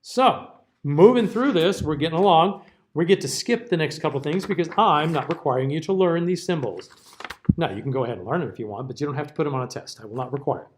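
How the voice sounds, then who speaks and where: An American man with a slightly high voice walks a class through vowel sounds in a recorded lecture. He keeps it relaxed and conversational, modeling words aloud and tagging on "okay?" as he goes. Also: quick pace. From United States. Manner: casual, checks in with frequent "okay?". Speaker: diction teacher.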